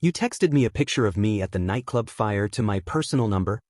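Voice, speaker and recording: A man's voice: fairly low pitch, animated, brisk, darkish tone, dry recording, studio quality, lightly acted. A man voicing a curt young masked vigilante. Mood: blunt. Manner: curt, blunt.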